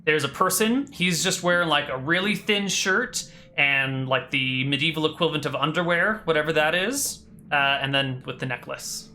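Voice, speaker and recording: Bright-voiced game master narrating a tabletop game. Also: medium pitch, slight background noise. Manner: casual, quick asides with fillers.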